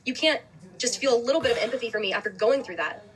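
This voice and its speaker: A young woman hosting a podcast, telling a personal story quickly with lots of "like" and restarts. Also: a little high, a loud crowd, low-quality recording. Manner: fast, heavy use of "like", restarts. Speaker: host.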